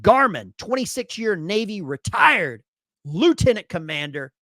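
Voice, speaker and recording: A man's voice: high voice, sing-song, a little slow, fairly bright tone, no echo, studio quality. A man hosting a casual live stream, reading chat messages aloud with bursts of enthusiasm. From Arkansas.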